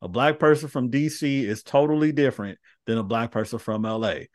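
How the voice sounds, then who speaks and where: A man's voice: medium pitch, fairly quick, no room sound, clean studio sound. A man from Los Angeles hosting a podcast, talking casually and emphatically, often asking "you know what I'm saying". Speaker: podcast host. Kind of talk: casual conversation.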